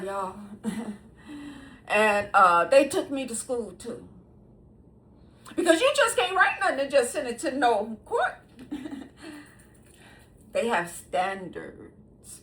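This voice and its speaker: A woman in her sixties hosting her own show, talking straight to viewers in a casual monologue and laughing often between sentences. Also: a little high. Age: 60s. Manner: talks straight to viewers, animated and emphatic. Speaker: host.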